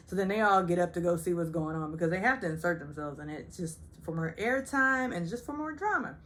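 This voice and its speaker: A woman's voice: lowish voice, brisk, a bit bright. A woman from the Southern United States recapping a reality show in a chatty, gossipy way with sarcastic asides. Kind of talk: casual recap vlog.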